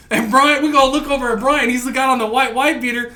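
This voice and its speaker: A man in a casual podcast chat, telling profane, animated stories and acting out loud quotes. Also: extremely high pitch, quick pace, few pauses.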